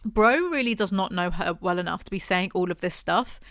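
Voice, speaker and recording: A woman's voice: on the low side, a little fast, fairly bright tone, no room sound, studio quality. A British woman giving a casual book review from a hotel room, chatty and rambling, with sarcastic asides.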